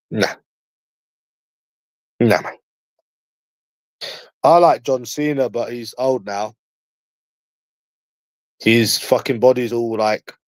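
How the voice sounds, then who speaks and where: Man, London accent, casual stream chat, slangy, repetitive, unhurried, dry sound. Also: fairly low pitch, dry recording. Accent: London English.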